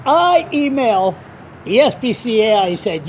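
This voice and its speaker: A man's voice: very high-pitched, big pitch swings, a little slow, a little hiss or hum. A man blogging on camera in a loose, rambling monologue, blunt and swearing freely, now and then turning to talk to his dog.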